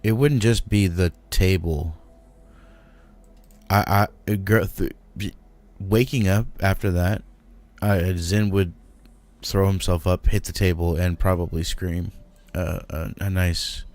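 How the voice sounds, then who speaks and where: Slow low-voiced man, hesitant player. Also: fairly even intonation, darkish tone. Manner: slow, hesitant, full of fillers. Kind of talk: tabletop role-play chat.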